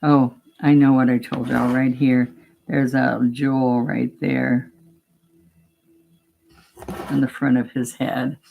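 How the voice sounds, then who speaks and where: Woman painting teacher, slow unhurried talk, bit of fry in her voice, chatty and coaxing. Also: extremely low pitch, level tone, slight background noise. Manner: chatty, talks to herself while working, gently coaxing. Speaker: painting instructor. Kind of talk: casual step-by-step painting demo.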